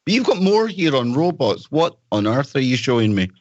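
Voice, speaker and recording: A man's voice: medium pitch, very animated, moderate pace, no echo, lo-fi sound. A man from the north of Scotland with a Scottish accent, hosting a podcast in a joking, rambling chat. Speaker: host.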